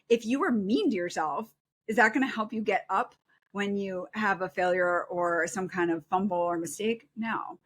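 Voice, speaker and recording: A middle-aged woman psychologist giving earnest, animated advice as a guest in a podcast interview. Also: medium pitch, moderate pace. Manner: earnest, animated, acts out quoted self-talk.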